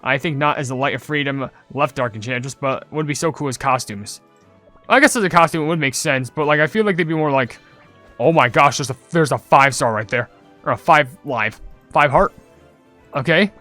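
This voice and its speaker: A young man casually commenting on his gameplay and reading viewer comments, chatty and rambling, getting loudly excited over loot. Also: fairly high pitch. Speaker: gaming channel host.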